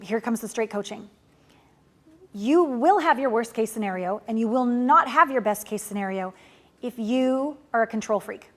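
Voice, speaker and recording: A woman coach teaching a course lesson, blunt and casual, swinging between emphatic loud pushes and soft, tender passages. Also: a little high, lively intonation, moderate pace. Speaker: relationship and manifestation coach.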